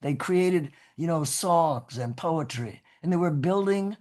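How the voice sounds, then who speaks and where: A man's voice: a little high, lively intonation, a little slow, darkish tone. Scratchy-voiced man lecturing. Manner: discursive, with many restarts and "you know". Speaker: guest speaker, professor. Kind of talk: lecture-style talk on a video call. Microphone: video call microphone.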